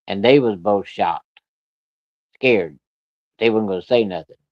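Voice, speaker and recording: A man telling a story of his own in a blunt, profane, folksy way, with rough rural grammar. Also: on the low side, unhurried, dry recording. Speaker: storyteller recounting a personal encounter. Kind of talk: casual spoken storytelling. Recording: dull, lo-fi and dry.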